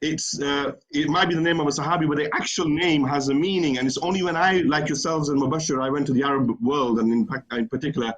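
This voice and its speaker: A man's voice: fairly high pitch, steady tone, quick pace, few pauses, fairly bright tone, poor audio. A middle-aged man from the United Kingdom, a studio guest telling a rambling story and laughing easily. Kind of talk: casual studio chat.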